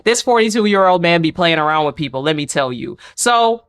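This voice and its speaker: A young woman giving a casual recap of a reality dating show, animated and chatty, often answering the cast in quoted asides. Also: lowish voice, fairly quick, clear, resonant tone. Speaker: TV recap reviewer.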